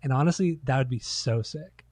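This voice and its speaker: Speaking at normal speed in a medium-pitched, slightly mellow voice, this man co-hosts a casual podcast. He tells loose, profane stories and acts out quotes, and the recording is dry.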